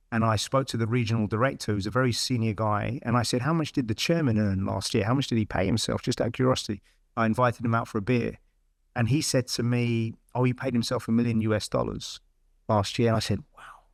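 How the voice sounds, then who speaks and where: A man's voice: mid-range voice, dry recording, clean studio sound. A middle-aged man frankly telling his career story in a casual interview. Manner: blunt, frank, lively retelling with quoted dialogue. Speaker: podcast guest.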